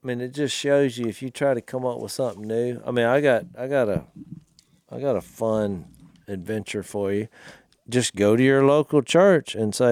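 A man's voice: medium pitch, normal speed, a little mellow, dry recording. A man co-hosting a casual Bible talk. He tells stories with animation and acts out the people he quotes. His voice sits in the middle range and is recorded dry and close. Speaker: podcast co-host.

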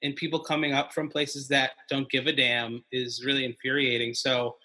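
Bright-voiced, halting male podcast guest. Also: medium pitch, little pitch movement. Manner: halting, many fillers and restarts. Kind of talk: casual podcast chat.

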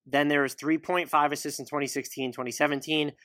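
A man's voice: on the high side, little pitch movement, fast talker, pushed and bright, dry recording, clean studio sound. A man in his thirties hosting a casual sports talk show, questioning his guest and reeling off stats. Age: 30s. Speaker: podcast host.

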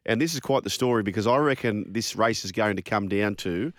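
Jokey radio host. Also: male voice, fairly low pitch, brisk, dry recording, studio quality. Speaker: radio sports show host. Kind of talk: casual sports radio chat.

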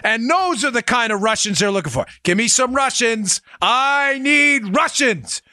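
A sarcastic, wisecracking man hosts a political podcast, his voice pitched high and sounding bright and forceful. The sound is dry and close, with no room behind it. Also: very animated, unhurried, no room sound. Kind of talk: animated political commentary.

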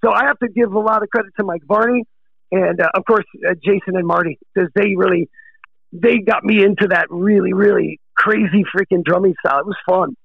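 A middle-aged American rock drummer being interviewed, excitable, laughing often and calling people dude. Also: male voice, sits high, brisk, creaky, breathy edge, no echo, narrow, tinny audio. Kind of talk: casual interview chat.

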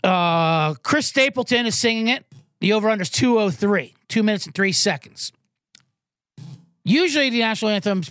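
A man's voice: sits high, fairly bright tone, no room sound, clean studio sound. A man hosting a sports betting show in loose, rambling, profane casual talk, reading out viewer comments as he goes.

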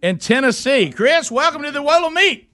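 A man hosting a morning radio call-in game, loud and exuberant, breaking into shouted chants. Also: very high-pitched, animated, moderate pace, no echo, clean studio sound. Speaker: radio host.

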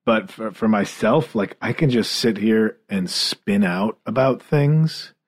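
A man co-hosting a podcast who teases with quick questions and rambles through his own stories, often restarting his sentences. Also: on the low side, animated. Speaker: podcast co-host. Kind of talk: casual chat.

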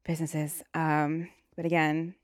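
A young woman hosting a casual solo podcast, blunt and profane, now and then flaring into shouty rants. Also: low voice, little pitch movement, measured pace, dry recording, clean studio sound. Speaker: podcast host. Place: bedroom.

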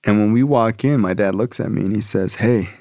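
A man's voice: on the low side, a little fast, dark tone, no room sound, clean studio sound. A young man telling a personal recovery story in a casual, profane way, full of slang and fillers.

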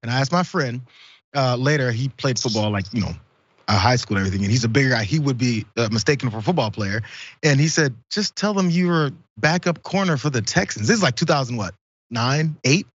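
A man's voice: mid-range voice, fast talker, breathy edge, no room sound, dull audio. A man co-hosting a podcast, telling a casual story and acting out the people in it. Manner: animated, acts out the people in his stories. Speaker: podcast co-host.

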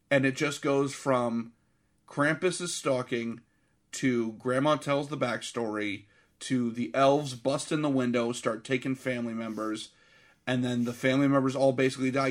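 A man co-hosting a casual film review podcast, talking in a lively, profane, mocking way. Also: medium pitch. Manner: animated, profane, mocking impressions. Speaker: podcast co-host.

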